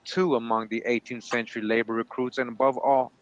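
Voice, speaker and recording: A man's voice: mid-range voice, little pitch movement, fairly quick, no echo. A man reading passages and full citations from history sources aloud, adding short comments as a show co-host. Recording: dull, lo-fi sound.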